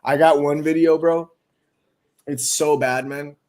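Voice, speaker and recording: A man's voice: on the high side, fairly even intonation, measured pace, darkish tone. A man hosting a livestream, telling a story in casual, profane slang and laughing between lines. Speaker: livestream host.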